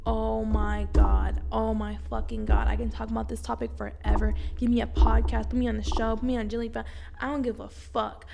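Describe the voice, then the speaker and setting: A young woman vlogging from home, giving casual self-help talk to camera in a blunt, slangy, profane and animated way. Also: fairly high pitch, fast talker, gravelly, music in the background.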